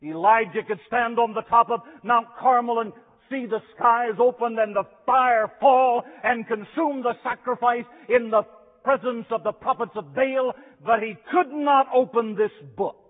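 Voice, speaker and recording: A man's voice: very high-pitched, fairly even intonation, normal speed. A middle-aged man preaching a sermon in a chapel, with a rhythmic, repetitive cadence. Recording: phone-like archival chapel recording with long reverb.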